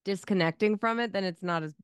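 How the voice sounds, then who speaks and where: Sweary, animated woman podcaster. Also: mid-range voice, quick pace, clear, resonant tone, no echo, clean studio sound. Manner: swears a lot, animated and sarcastic. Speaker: podcast co-host. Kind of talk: casual chat.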